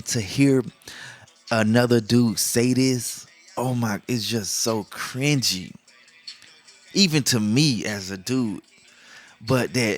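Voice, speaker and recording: A middle-aged man hosts a casual monologue, joking, laughing often and acting out the lines he quotes. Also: medium pitch. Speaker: podcast host.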